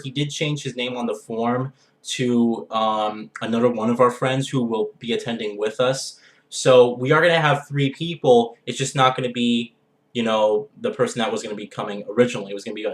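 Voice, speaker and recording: A young man talks through his plans in a loose, rambling vlog style and keeps tacking "all right?" onto his points. His pitch sits in the middle for a man. The room around him is bare and echoey. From Los Angeles area. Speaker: gaming vlogger. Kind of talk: casual vlog talk.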